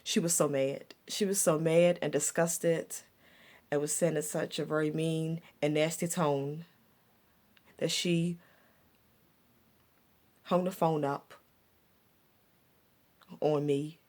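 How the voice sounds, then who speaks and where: Low-voiced woman telling a life story. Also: steady tone, slow pace, long pauses, darkish tone. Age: adult looking back on her younger years. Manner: reflective, repeats herself with stumbling restarts. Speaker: vlogger. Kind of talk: personal storytelling vlog.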